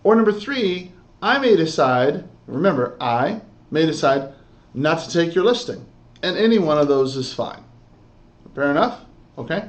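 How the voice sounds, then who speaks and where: A man's voice: on the high side, very animated, moderate pace. A man giving an emphatic sales training lesson, often checking in with "okay?" and "all right?". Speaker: real estate sales trainer. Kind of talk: instructional talk. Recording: dull lo-fi recording.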